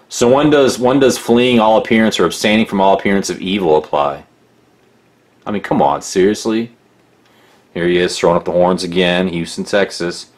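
A man with a deep voice talks through a critical documentary in a loose, rambling way. He is sarcastic and mocking, full of asides and restarts. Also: fairly even intonation, fairly quick. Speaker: documentary narrator. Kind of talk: casual critical commentary.

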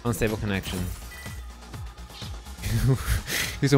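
A man streaming a live game, commenting excitedly, cursing and bursting into shouts. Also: mid-range voice, unhurried, long pauses, soft background music.

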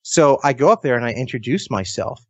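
A man, a game designer, telling an animated story in an interview, excited and lively. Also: mid-range voice, fairly quick, no room sound, dull audio. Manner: excited, lively, mimics other voices.

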